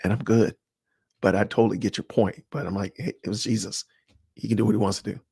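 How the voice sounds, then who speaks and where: Gravelly man casually chatting on a livestream. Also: lowish voice, fast, no echo, studio quality. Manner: animated, talks to chat viewers by name, slangy. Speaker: livestream host. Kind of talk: casual livestream chat reading comments.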